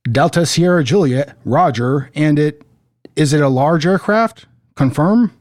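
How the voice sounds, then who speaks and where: A man reading an air traffic controller's lines from a transcript, brisk and procedural. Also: on the high side, a little mellow, no echo, studio quality, natural voice.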